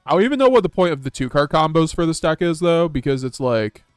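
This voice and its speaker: A man's voice: a little high, sing-song, fast, clear, resonant tone, no echo, clean studio sound, faint music behind. A man streaming a card game live, chatting casually to his viewers and often restarting mid-sentence with little chuckles. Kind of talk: live-stream gameplay commentary.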